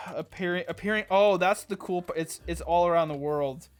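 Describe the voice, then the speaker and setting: Halting man brainstorming a screenplay. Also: high voice. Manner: hesitant, halting, trailing off. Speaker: podcast co-host. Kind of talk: casual brainstorming chat.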